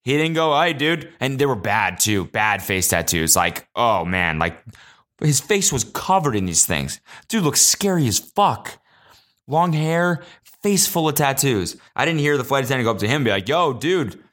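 A young man hosts his own solo podcast, spinning rambling, profane, jokey stories and acting out quotes in exaggerated voices. His mid-range voice is very animated and fairly bright, delivered at a moderate pace. It's a casual monologue.

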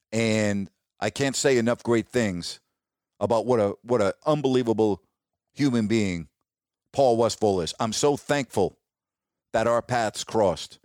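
A middle-aged man, a sports broadcaster, telling stories casually and warmly, dropping his voice when he quotes others. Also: measured pace, no room sound, clean studio sound. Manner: warm, reminiscing, quotes others in a lowered voice. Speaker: sports broadcaster, podcast host. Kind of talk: casual storytelling monologue.

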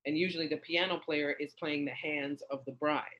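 Woman, 30s, comedian guest, lively storyteller who performs her own quotes loudly. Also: sits low, a little fast, dull audio, a little hiss or hum. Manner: animated, acts out quotes in raised voice. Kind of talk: casual storytelling.

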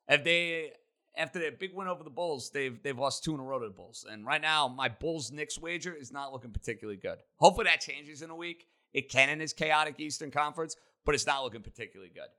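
A man hosting a sports talk show, holding forth on the week's games. His voice is very bright and a touch high for a man. He fires off emphatic, punchy opinions. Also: lively intonation. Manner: emphatic, rapid-fire opinions. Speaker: sports radio host.

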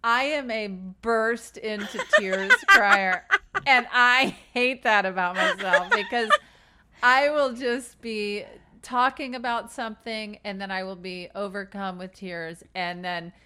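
A woman's voice: fairly high pitch, animated, takes it slowly, heavy background noise. A middle-aged woman co-hosting a casual chat, teasing and laughing often as she talks. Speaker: podcast co-host.

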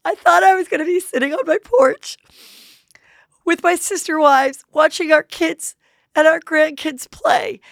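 A woman putting on a whiny, high impression of a weepy reality-show wife. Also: measured pace, vocal fry, dry recording, heavily acted.

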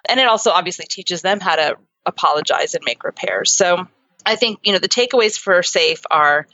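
A woman psychotherapist and author, speaking as an interview guest and explaining ideas earnestly with lively examples. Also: fairly low pitch, fairly quick, no echo. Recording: dull lo-fi sound.

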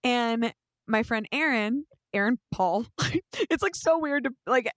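A young woman with a somewhat high voice tells a story in casual chat. She is animated, swears offhand and acts out the lines of the people in it. The sound is dry and close. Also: slow, no echo. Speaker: guest storyteller.

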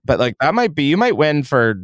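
Lively young man, dry close sound. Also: fairly high pitch, brisk, dry recording. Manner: animated, swears freely, exaggerated voices. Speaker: podcast host. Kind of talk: casual chat.

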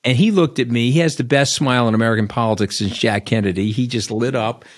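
A man's voice: medium pitch, fast talker, dry recording, studio quality. Blunt Long Island man telling stories. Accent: Long Island New York. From Long Island, New York. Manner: blunt, rambling, tags lines with "okay?". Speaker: podcast guest. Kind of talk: casual storytelling interview.

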